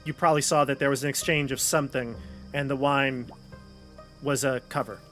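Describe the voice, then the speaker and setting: A man narrating as game master of a tabletop role-playing game in a relaxed, casual way. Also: mid-range voice, a little fast, soft background music.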